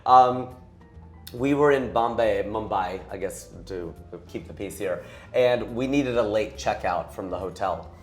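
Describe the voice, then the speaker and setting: A comedian hosts a casual interview, his lowish voice moving a little slowly as he jokes and rambles through questions and stories. The room sounds echoey, with soft music playing in the background.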